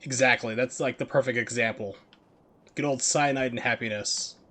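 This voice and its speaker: A man's voice: mid-range voice, fairly even intonation, normal speed, fairly bright tone. An American man streaming a video game, chatting casually and rambling with lots of fillers. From United States. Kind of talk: casual chat while gaming.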